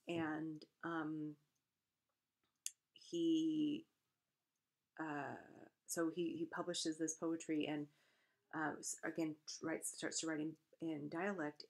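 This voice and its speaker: A woman giving a conversational literature lecture, often correcting herself and pausing with fillers. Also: low-pitched, darkish tone. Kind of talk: recorded lecture.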